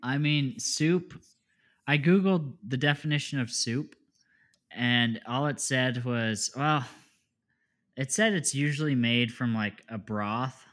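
A man's voice: mid-range voice, takes it slowly. A young man co-hosting a podcast in casual chat, laughing often and joking around. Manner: laughs often, jokey and relaxed. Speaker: podcast co-host.

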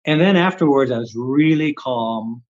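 A man's voice: mid-range voice, animated, moderate pace, lo-fi sound. An older man from the Midwestern United States, candidly telling a story as an interview guest and acting out his own past thoughts. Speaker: guest, Reiki teacher.

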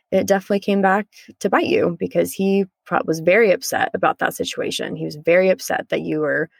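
Casting: low-pitched woman, candid podcast co-host, dry close sound. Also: gravelly, dry recording. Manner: candid, rambling with restarts. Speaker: podcast co-host, lifelong friend. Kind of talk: casual recounting conversation.

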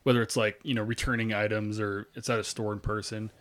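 A man's voice: on the low side, little pitch movement, fast, a bit bright. A man co-hosting a casual podcast chat, intense and opinionated, swearing freely.

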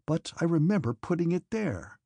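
A man's voice: fairly high pitch, lively intonation, moderate pace, vocal fry, dark tone, no echo, voice pushed up. A man voicing a proud, anxious young cadet who speaks in an earnest, strained way. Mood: puzzled.

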